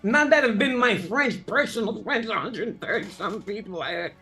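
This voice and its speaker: High-voiced, profane man chatting. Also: moderate pace, pushed and bright, faint music behind. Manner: profane, laughing storyteller. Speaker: podcast host. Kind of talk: casual livestream chat.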